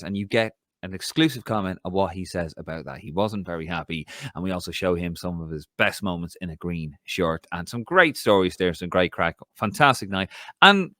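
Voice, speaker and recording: A man hosting a football podcast in an upbeat, chatty way. His voice sits a little low but swings widely in pitch. The sound is dry and close, with no room echo. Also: fairly bright tone. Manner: upbeat, chatty, plugging channels. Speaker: podcast host. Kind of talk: casual podcast chat.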